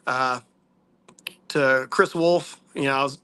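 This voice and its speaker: Guy vlogging, soft and halting, earnest, bright voice. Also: mid-range voice, fairly even intonation, smooth. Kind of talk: personal storytelling to viewers.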